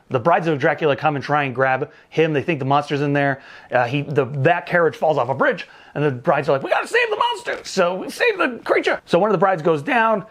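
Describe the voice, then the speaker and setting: A man hosting a casual movie review show, recapping the plot with jokes, exasperated asides and casual swearing. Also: on the high side.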